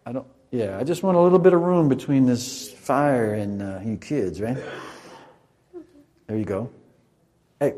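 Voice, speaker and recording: A man's voice: medium pitch, expressive, measured pace, long pauses, warm tone. A man preaching in a church, leading a Passover demonstration and joking playfully with volunteers. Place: church sanctuary.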